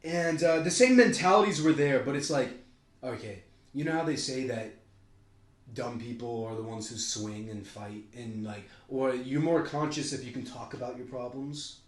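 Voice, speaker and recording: Here a man co-hosting a podcast chats casually at normal speed in a medium-pitched voice. He rambles, swears freely, and hops suddenly between ideas. Echo from the room is audible.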